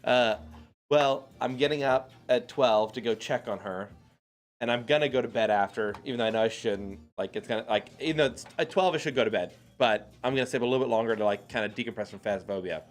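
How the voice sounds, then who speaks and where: A man's voice: medium pitch, fast talker. Rambling, laughing man telling a story. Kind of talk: casual chat.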